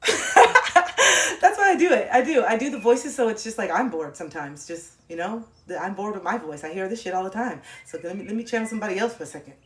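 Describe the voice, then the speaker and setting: A woman's voice: mid-range voice, lively intonation, fast talker, hardly any pauses. Blunt, profane woman livestreamer. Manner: blunt, profane, preachy, with frequent laughs. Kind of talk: livestream motivational chat.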